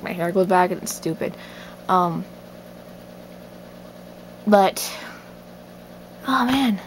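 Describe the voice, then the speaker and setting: A woman's voice: fairly low pitch, creaky, a little hiss or hum, rough recording. Giggly rambling young woman vlogger. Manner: giggly, rambling, filler-heavy. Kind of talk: casual vlog chat.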